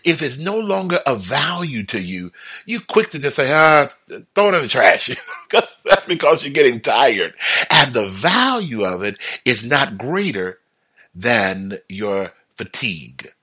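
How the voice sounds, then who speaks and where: Animated man, bright lively voice. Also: medium pitch, breathy edge. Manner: animated, acts out everyday quotes, chuckles often. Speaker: broadcast speaker. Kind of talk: reflective motivational talk.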